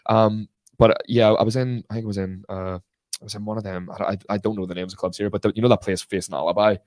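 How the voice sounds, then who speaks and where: A man with a Northern Irish accent rattles through a night-out story at speed, his voice sitting a little low. He restarts sentences and piles on fillers as he goes, recorded close and dry on a podcast mic. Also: fast, dry recording. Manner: rambling, animated anecdote with many restarts and fillers. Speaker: podcast guest, content creator. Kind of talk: casual storytelling chat.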